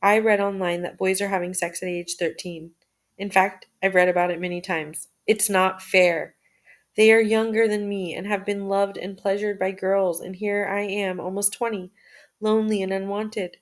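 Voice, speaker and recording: This is a woman reading from a personal diary in her own voice, which sits at medium pitch. The delivery stays measured and steady, broken only by occasional restarts.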